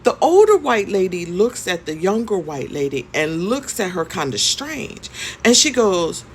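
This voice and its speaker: A woman's voice: on the low side, big pitch swings, unhurried, a little hiss or hum. A woman in her fifties telling a story in a conversational, emphatic way, often repeating her points. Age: 50s. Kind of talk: storytime vlog.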